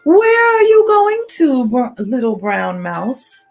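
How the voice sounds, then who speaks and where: A flustered storybook owl, as a woman puts him on, with a very high, hooting voice. He swoops up and down in pitch when he gets nervous. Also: wildly swooping pitch, slow, vocal fry, faint music behind, exaggerated voice. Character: wise-looking nervous male owl.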